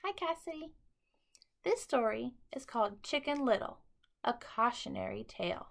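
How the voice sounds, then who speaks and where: A woman teacher reading a bedtime story aloud to children in an expressive, dramatic way. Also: fairly high pitch, moderate pace, gravelly.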